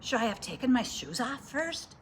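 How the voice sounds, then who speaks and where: Storybook housekeeper, chirpy and matter-of-fact, read by a woman, high lively voice. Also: normal speed, a little hiss or hum. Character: literal-minded cheerful housekeeper woman. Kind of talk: reading a picture book aloud.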